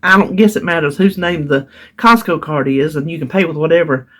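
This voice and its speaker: A middle-aged woman from North Carolina, a vlogger with a deep voice, tells her audience a story at a fairly quick pace. It's casual and chatty, and she laughs often.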